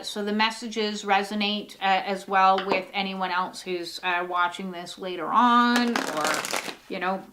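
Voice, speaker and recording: A woman's voice: medium pitch, noisy background. A woman giving a casual, rambling oracle card reading, full of fillers and the odd swear word.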